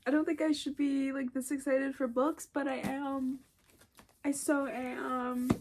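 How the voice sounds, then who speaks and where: A young woman with a high voice talks slowly through a casual vlog. She gushes and repeats herself, gasping and slipping into excited whispers. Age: young adult. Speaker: booktuber.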